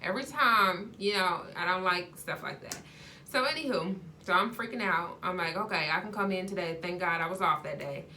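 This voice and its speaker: A woman's voice: fairly low pitch, lively intonation, moderate pace, bright, forceful tone, a little hiss or hum. A woman casually telling a personal story, chatty and full of ums, acting out what others said to her. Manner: chatty, many ums, acts out quoted dialogue. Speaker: vlogger sharing her health story.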